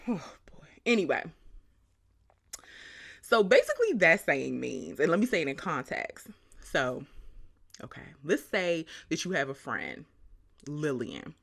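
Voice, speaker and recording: Woman, podcast host, fairly low voice, very lively intonation, casual chatty monologue. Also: gravelly. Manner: animated, chatty storytelling with frequent laughter.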